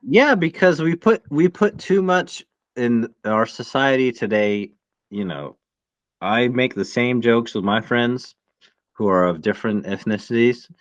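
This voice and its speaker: Man co-host, mid pitch, blunt and teasing, swears freely, dry lo-fi sound. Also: a little slow, dry recording. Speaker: podcast co-host. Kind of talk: casual podcast chat.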